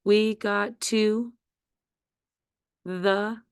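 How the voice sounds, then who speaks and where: A woman's voice: mid-range voice, steady tone, drawn-out words, clean tone, no echo, studio quality. A woman teaching a phonics spelling lesson to children, patiently sounding out letters and syllables one at a time.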